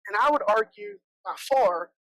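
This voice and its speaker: A woman's voice: high-pitched, sing-song, normal speed, creaky, fairly bright tone, dry recording, low-quality recording. A woman from South Georgia with a Southern American accent, giving a chatty, joking conference talk as a bee inspector. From South Georgia, USA. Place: conference room.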